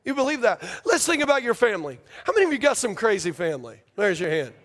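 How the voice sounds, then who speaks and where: A male pastor preaching a sermon to his congregation, talking casually, repeating phrases, asking questions, and building to near shouts. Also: sits high, very animated, quick pace. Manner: rises to near shouting at climaxes, drops to hushed tones in prayer.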